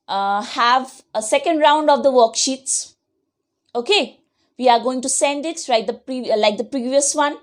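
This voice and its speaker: A woman teaching an online class, patiently dictating answers and spelling out words letter by letter. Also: high voice. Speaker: schoolteacher. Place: home.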